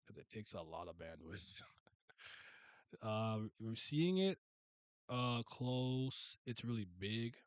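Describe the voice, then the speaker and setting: A man giving casual reaction commentary as a video host, excitable and often laughing and swearing. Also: fairly low pitch, slow, long pauses, clear, resonant tone, no echo.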